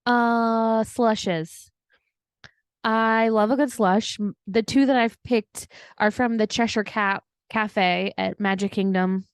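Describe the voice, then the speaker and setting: A woman's voice: fairly high pitch, steady tone, takes it slowly, clear, resonant tone, no echo, studio quality. A woman co-hosting a casual podcast, bubbly and enthusiastic. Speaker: podcast co-host.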